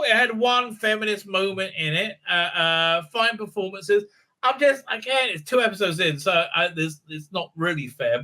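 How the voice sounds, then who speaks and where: A man's voice: high voice, pushed and bright. A man giving a casual, rambling spoken review full of fillers and restarts, acting out lines from the show as he goes. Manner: rambling, many fillers and restarts, acts out quotes. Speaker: video reviewer.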